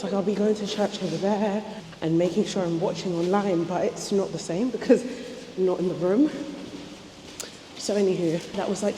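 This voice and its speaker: A young woman chats to her camera as she walks through the city, bubbly and talkative. Her voice sits mid-range and is picked up by a small clip-on mic. Clear traffic and station noise run behind her. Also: mid-range voice. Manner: chatty and bubbly, laughs often, talks to camera while out walking. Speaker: vlogger. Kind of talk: casual vlog chat. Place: outdoors and in a train station. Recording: noisy street and station background.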